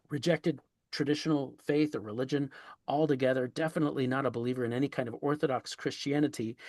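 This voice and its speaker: Male podcast host, mid pitch, eager and chatty, dry close sound. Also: gravelly, dry recording. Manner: enthusiastic, conversational, many uh fillers. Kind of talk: literary discussion.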